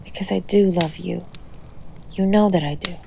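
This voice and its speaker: A woman voicing a tsundere girlfriend in an audio role-play, speaking softly and haltingly, often dropping into a whisper. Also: on the low side, vocal fry, a little hiss or hum. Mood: tender, apologetic. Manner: soft, halting, slipping into whispers. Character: tsundere young woman girlfriend, gruff but loving.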